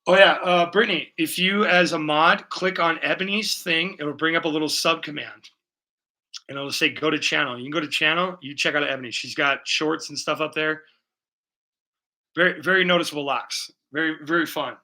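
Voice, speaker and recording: Young male streamer painting live, talks casually and swears freely, bright tone. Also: on the high side, moderate pace. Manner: loose, profane, chatty with viewers. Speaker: livestreaming painter.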